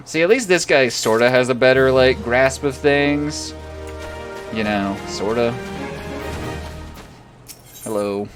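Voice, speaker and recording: A man's voice: mid-range voice, takes it slowly, long pauses, soft background music. Laid-back male streamer mumbling asides. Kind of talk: casual live-stream gameplay commentary.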